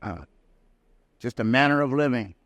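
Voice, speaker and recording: A man's voice: medium pitch, normal speed, fairly bright tone, dry recording. A man speaking at a recovery convention, telling his own story in a folksy, plain-spoken way with down-home grammar. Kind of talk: personal recovery story told to a live audience. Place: prison hall.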